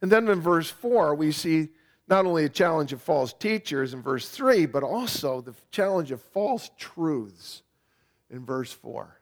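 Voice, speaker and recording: A high-voiced man preaching a sermon over a microphone. He repeats himself for emphasis and punches key words with sudden loud stress. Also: animated, measured pace. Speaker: pastor. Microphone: microphone on a sound system.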